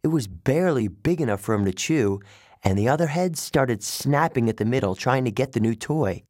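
A man giving steady, measured first-person audiobook narration. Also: medium pitch, no room sound, clean studio sound.

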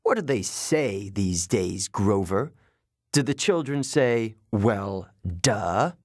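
A man's voice: lowish voice, animated, slow pace, darkish tone, dry recording, clean studio sound. A man voicing a petulant, bored male god of wine in an audiobook, drawling and scornful. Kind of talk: audiobook character voice.

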